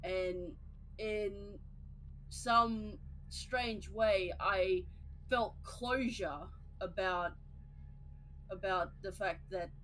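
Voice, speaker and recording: A woman's voice: on the low side, fairly bright tone, slight background noise, low-quality recording. A woman guest chatting casually, hesitant and stammering through her story. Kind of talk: casual stream chat.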